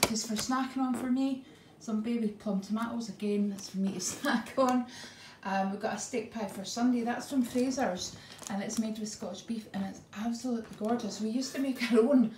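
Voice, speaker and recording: This vlogger, a middle-aged woman, has a slightly high voice with a darkish tone. She chats homely and casual about her groceries, saying um a lot and sounding a little winded, in an echoey space with faint noise.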